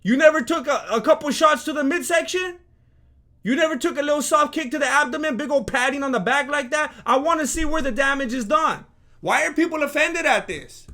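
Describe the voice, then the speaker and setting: Reaction host, male, very high voice, slangy and rhetorical, mutters asides and then gets loud. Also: a little fast. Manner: slangy and rhetorical, calls people "fool"; swings from low mumbling asides to loud outbursts. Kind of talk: reaction commentary on footage.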